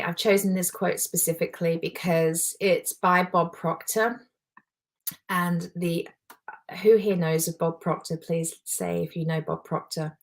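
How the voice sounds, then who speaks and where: A woman speaks in a notably low voice, leading a live motivational session as a life coach. She sounds heartfelt and openly emotional, talking in a personal, confiding way. She is in her forties. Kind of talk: live motivational talk to an audience.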